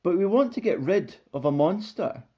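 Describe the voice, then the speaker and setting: Storybook: man doing polite formal warthog, raised pitch. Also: animated, normal speed, warm tone. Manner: formal and courteous.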